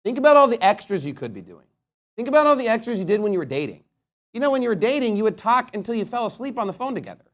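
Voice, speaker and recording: A man preaching in a relaxed, talky way, his voice sitting a bit high for a man. He breaks into little acted-out quotes and lifts his voice for emphasis, then drops back into easy chat with the congregation. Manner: conversational, with quick acted-out quotes and rising emphasis. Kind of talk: sermon.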